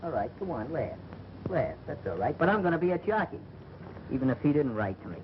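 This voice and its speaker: A stubborn New street kid, rapid and a bit high, slangy, muffled old film sound. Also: male voice, very animated. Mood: determined. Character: eager young male street kid set on being a jockey. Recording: muffled, slightly hissy 1940 film soundtrack.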